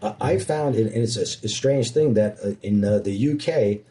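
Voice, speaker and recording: Middle-aged man, riding instructor, mellow tone, animated storyteller. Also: on the low side, moderate pace. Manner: animated, self-deprecating humor. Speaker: motorcycle riding instructor, former police officer. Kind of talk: casual storytelling in conversation.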